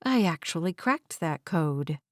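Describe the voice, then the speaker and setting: A woman narrator voicing a young woman with a deadpan, teasing way of talking. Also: lowish voice, a little slow, no room sound, studio quality, pitched below the performer's own voice. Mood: wry.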